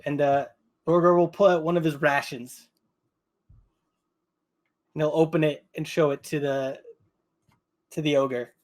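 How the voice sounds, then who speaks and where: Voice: medium pitch, fairly even intonation, measured pace, pauses often. A tabletop player describing his character's actions in an easygoing way. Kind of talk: casual tabletop play.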